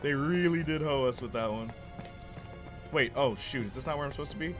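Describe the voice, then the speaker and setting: A man's voice: mid-range voice, brisk. Chatty young man streaming a game. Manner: rambling, chatty, reacting to chat, laughs often. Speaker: gaming streamer. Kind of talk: casual chat while playing. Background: game music.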